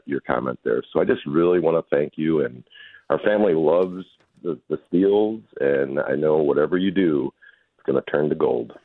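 A man's voice: very deep voice, no echo. A man in his fifties calls in to a radio show, talking earnestly and gratefully with lots of fillers. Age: 50s. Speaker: caller. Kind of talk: call-in radio chat. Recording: tinny phone line.

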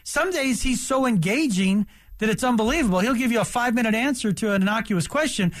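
High-voiced, emphatic male sports talker. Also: fast. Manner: emphatic, opinionated, animated. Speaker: sports radio host. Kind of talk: sports talk radio chat.

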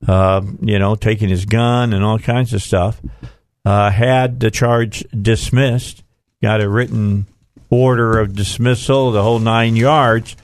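A man's voice: fairly low pitch, fairly even intonation, unhurried, dry recording. A man hosting a radio talk show, folksy and rambling with frequent fillers.

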